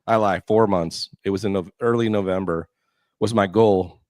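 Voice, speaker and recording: A man from Florida chatting as a podcast guest, telling stories with lively quoted voices. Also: low-pitched, moderate pace, dry recording, studio quality. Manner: animated storyteller, acts out quoted voices. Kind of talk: casual chat.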